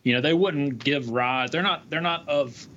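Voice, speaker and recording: A man, a defense lawyer co-hosting a podcast, talking in an animated, chatty way with lots of hedging fillers. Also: on the high side, moderate pace. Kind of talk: conversational legal podcast discussion. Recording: dull lo-fi audio with faint noise.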